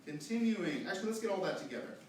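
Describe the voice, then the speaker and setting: A man directing a choir rehearsal, coaching the singers briskly and demonstrating phrases with his voice. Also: high voice, expressive, background noise. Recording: echoey room, distant mic, choir and piano.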